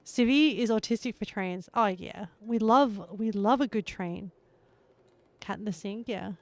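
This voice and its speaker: A woman's voice: medium pitch, a little slow, dry recording. A woman streaming live, chatting casually with her viewers and laughing often as she plays.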